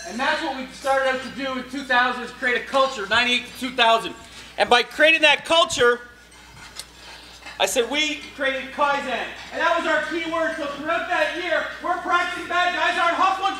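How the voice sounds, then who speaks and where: A middle-aged coach delivers a jokey awards-night speech, acting out the dialogue in his stories. His voice is very high for a man and sharp, bright and forceful. It rings through a reverberant banquet hall, picked up from some distance off the microphone. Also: normal speed. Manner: jokey storyteller, acts out dialogue. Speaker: football coach giving an induction speech. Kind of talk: humorous after-dinner speech with anecdotes. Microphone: corded microphone.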